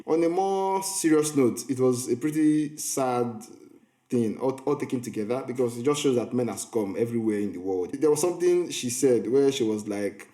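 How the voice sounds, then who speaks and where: A man's voice: medium pitch, animated, moderate pace, dark tone. A man, chatting casually as a film reviewer and storyteller, often restarting his sentences. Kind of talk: casual vlog recap. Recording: echoey room.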